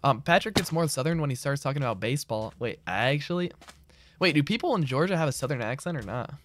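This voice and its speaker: A man's voice: on the high side, lively intonation, quick pace, slight background noise. A man streaming a game, chatting casually in a loose, slangy, rambling way as he answers his chat. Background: keyboard clicks and typing.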